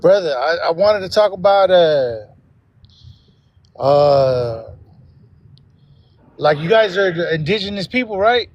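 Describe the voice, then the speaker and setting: A man's voice: high-pitched, lively intonation, takes it slowly, pauses often, muffled recording. A man calling into a live stream after work, laid-back and calling everyone brother. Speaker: caller. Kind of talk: casual call-in chat.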